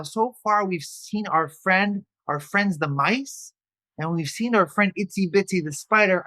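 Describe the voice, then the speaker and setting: A male kids' yoga instructor with a high, sharp voice leads a children's storytime. He's playful and encouraging, adding little sound effects along the way.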